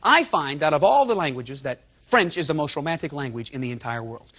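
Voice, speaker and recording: A man's voice: fairly high pitch, expressive, fairly quick. A man hosting a game show, joking and teasing contestants. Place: television studio with audience. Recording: loud studio audience and noise.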